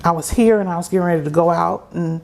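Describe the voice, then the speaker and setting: A middle-aged woman, an interview guest, telling a personal story in a halting, unhurried way with many pauses. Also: fairly low pitch, creaky, a little mellow. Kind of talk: personal testimony in conversation.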